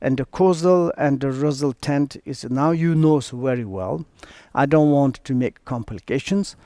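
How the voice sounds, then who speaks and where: A man whose first language is Tibetan, giving a Buddhist teaching in halting English, pausing and searching for words. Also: medium pitch, no room sound. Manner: relaxed, with many fillers and asides. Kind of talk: online dharma teaching.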